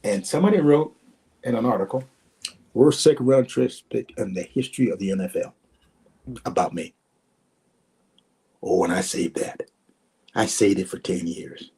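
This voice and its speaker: A man's voice: on the low side, moderate pace, long pauses, mellow, slightly rough. A man in his sixties, a former pro running back, telling stories as a podcast guest in an emphatic way, repeating words and acting out the exchanges he quotes. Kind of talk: podcast interview storytelling.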